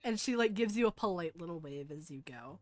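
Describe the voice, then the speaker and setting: A woman's voice: lowish voice, expressive, a little fast, soft background music. A young woman narrating a tabletop game as game master, casual and rambling with lots of fillers.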